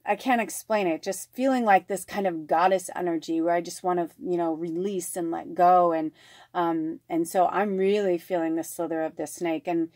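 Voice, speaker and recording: Low-voiced woman giving a card reading. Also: steady tone, darkish tone, dry recording, studio quality. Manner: slow, measured reading aloud, then chatty storytelling full of "like". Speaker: spiritual card reader. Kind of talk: oracle card reading with personal story.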